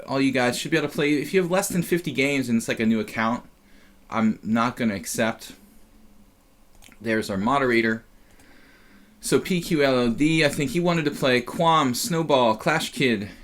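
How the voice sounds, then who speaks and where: A man's voice: medium pitch, normal speed, pauses often, a bit bright. Man, tired, rambling live-stream chat, lots of ums, casual chess commentary. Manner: rambling, chatty, many fillers and restarts. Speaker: chess streamer playing a simul.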